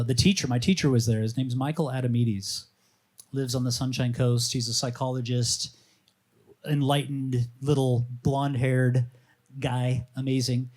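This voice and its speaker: At a live panel in an outdoor or open venue, a male fasting coach with a mid-range voice tells stories casually and animatedly, acting out the voices of people he quotes.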